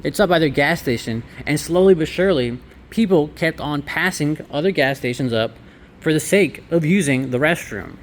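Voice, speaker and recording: A man's voice: fairly high pitch, lively intonation, normal speed, slight background noise. A man who owns a laundromat, talking casually through a walkthrough vlog with sarcastic asides. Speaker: laundromat owner. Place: inside a laundromat.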